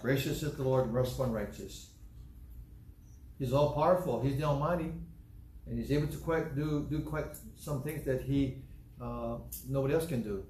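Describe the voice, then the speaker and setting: Pastor, male, earnest, repeats his points slowly; roomy, echoey hall recording. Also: medium pitch, darkish tone. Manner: earnest, repeats key phrases slowly for emphasis. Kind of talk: sermon. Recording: echoey room with faint background noise.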